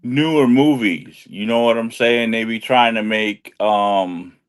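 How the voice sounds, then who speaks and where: Young male co-host, mid-pitched, rambling and profane, stumbles and restarts. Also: a little slow, clean tone. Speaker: podcast co-host. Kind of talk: casual banter.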